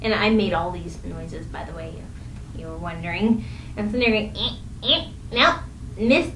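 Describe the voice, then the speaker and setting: A woman's voice: fairly quick, creaky. A young woman telling rambling, self-deprecating stories from her own life in a casual vlog. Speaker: vlogger. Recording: echoey room, distant mic, faint rumble.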